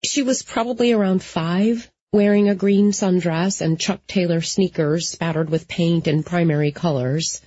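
A woman's voice: lowish voice, steady tone, normal speed, hardly any pauses, warm tone, husky, dry recording. A woman narrating a first-person audiobook in a dry, wry storytelling manner, close to the mic. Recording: slightly dull lo-fi.

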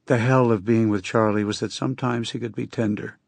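Gravelly husky guy reading a story slow, dry booth sound. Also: lowish voice, fairly even intonation, no room sound. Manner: slow, measured, somber reading. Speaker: audiobook narrator. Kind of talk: first-person literary narration.

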